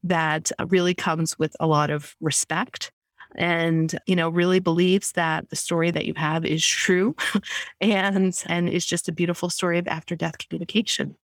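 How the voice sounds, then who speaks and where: A woman's voice: lowish voice, little pitch movement, normal speed, no echo, clean studio sound. A woman hosting a podcast, asking questions with rambling, encouraging praise. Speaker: podcast host. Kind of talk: interview questions.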